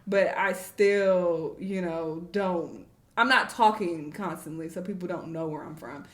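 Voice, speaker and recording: A woman's voice: fairly low pitch, unhurried. A woman hosting a reaction video, commenting in a laid-back, candid and slangy way. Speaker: reaction host. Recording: echoey room.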